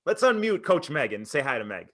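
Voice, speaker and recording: A man co-hosting a live podcast over a video call, joking and teasing in playful, animated banter. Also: fairly high pitch, a little fast, a crowd in the background. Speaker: podcast co-host.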